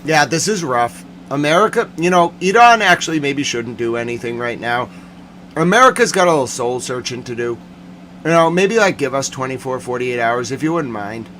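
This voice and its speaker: A man streaming a sarcastic, mock-angry rant that jumps between muttering and sudden yelling. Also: medium pitch, lively intonation, moderate pace, slight background noise. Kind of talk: ranting commentary.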